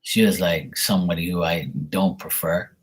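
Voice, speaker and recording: A young man hosting a live stream, reading angel cards and chatting with viewers in a relaxed, rambling way. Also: sits low, moderate pace, breathy edge. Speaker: livestream host doing card readings.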